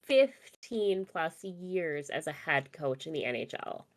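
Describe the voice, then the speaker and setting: A woman's voice: low-pitched, lively intonation, slow pace. A woman from Minnesota co-hosting a podcast, chatting about sports in a fired-up, chatty way and swearing freely. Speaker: podcast co-host. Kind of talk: casual sports chat.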